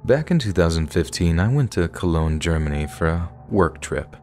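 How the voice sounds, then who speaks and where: A man's voice: low voice, lively intonation, moderate pace, a little mellow, soft background music. A man narrating a first-person horror story in a casual, conversational way.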